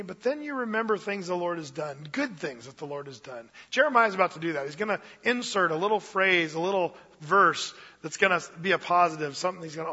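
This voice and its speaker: A man preaching a sermon as pastor, lively and conversational, with playful asides. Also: high-pitched, fairly quick. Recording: dull lo-fi sound, long reverb of a hall.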